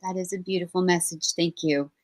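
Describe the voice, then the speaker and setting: A woman's voice: lowish voice, a little fast, dry recording, rough recording. Emotional woman hosting a book interview. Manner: emotional, expressive, laughs easily. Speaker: guest host. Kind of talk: live author interview.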